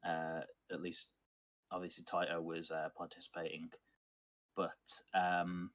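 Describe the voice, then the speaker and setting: Man, low pitch, flat halting game-master narration, lots of ums. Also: no echo. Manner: halting, many ums and uhs, self-described monotone. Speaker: dungeon master. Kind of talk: narrating a tabletop game recap.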